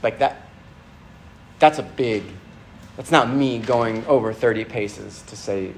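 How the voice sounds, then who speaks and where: A man's voice: mid-range voice, takes it slowly, slight background noise. A man preaching a sermon in a loose, conversational way, with many restarts and acted-out quotes. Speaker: pastor.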